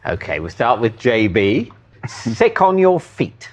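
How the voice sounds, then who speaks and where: A man's voice: medium pitch, sing-song, slow. A man, a team captain on a comedy panel show, with a wry, dry sense of humour. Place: TV studio with live audience. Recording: loud studio audience behind.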